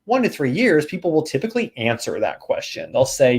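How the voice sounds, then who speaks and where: A man's voice: fairly high pitch, wildly swooping pitch, a little fast, slightly rough. A man teaching real estate agents in a training seminar, casual and folksy, acting out door-knocking scripts.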